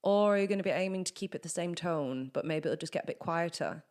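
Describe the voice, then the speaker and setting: Speaking quickly in a fairly low, slightly mellow voice, a vocal coach explains technique in a chatty way. She then sings exercises to demonstrate during the lesson.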